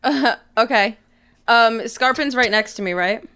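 Brief: woman player, smooth clear voice, a bit high, giggly and chatty. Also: unhurried, pushed and bright. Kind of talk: casual tabletop game chat.

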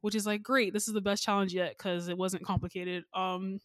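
A woman's voice: a little fast, dry recording. Casting note: young woman host, chatty recap storyteller, dry close sound. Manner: animated storytelling, acts out people's lines with pitch jumps. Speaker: podcast host recapping a show. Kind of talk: casual chat recap.

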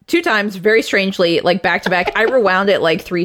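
A woman's voice: mid-range voice, fast, hardly any pauses. A woman co-hosting a podcast, chatting casually about a film, laughing often and using lots of fillers. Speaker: podcast co-host.

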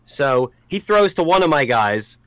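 Profane, animated man with a lively voice. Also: fairly high pitch, a little slow, slight background noise, low-quality recording. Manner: profane, animated storytelling with shouted outbursts. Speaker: podcast co-host. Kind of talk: casual podcast chat.

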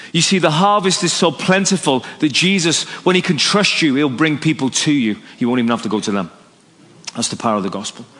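A man from Northern Ireland preaching a sermon, swinging between bold, raised lines and low, quiet emphasis. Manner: dynamic preaching, drops low and soft for emphasis, rises for acted quotes. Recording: echoey hall recording.

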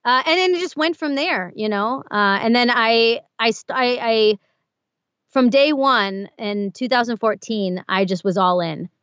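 A woman, an audiobook narrator, chatting as a guest in an interview, animated and quick to laugh. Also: on the high side, dry recording, dull audio. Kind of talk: casual interview chat.

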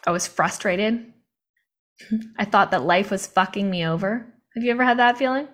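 A woman's voice: mid-range voice, normal speed, fairly bright tone. A young woman in live online training mode, impassioned and confiding, talking into a video call mic and laughing often between points. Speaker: motivational coach.

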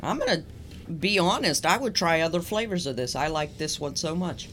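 A woman's voice: lowish voice, animated, normal speed, a bit bright, a little hiss or hum. A young adult woman co-hosting a casual podcast chat, chatty and laughing easily, often trailing off and repeating herself. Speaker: podcast co-host.

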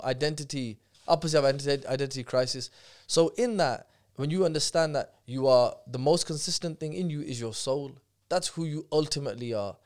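A man talks quickly on a casual podcast. He tells stories at speed, breaking off and restarting his sentences. His voice sits at an ordinary middle pitch. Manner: fast, animated storytelling with many restarts. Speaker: guest speaker.

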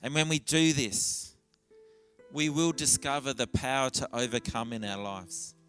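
Male pastor, mid pitch, earnest sermon delivery with faint instrumental music under it. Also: a little slow, fairly bright tone. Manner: earnest, candid preaching with frequent restarts. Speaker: preacher.

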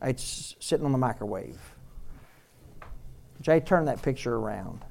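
A man preaching a sermon as pastor, repeating lines for emphasis and swinging from loud shouted peaks to soft storytelling. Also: medium pitch, lively intonation, measured pace, vocal fry.

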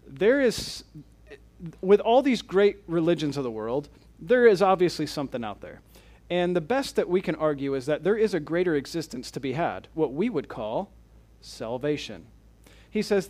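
A man's voice: a little high, unhurried. A man, a pastor, giving a teaching sermon, paraphrasing quotes in his own words and checking in with his listeners. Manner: explains and paraphrases quotes in a lively way.

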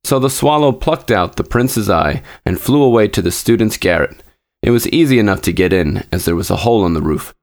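A man narrating a classic fairy tale aloud in a measured, expressive storybook reading. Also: on the low side.

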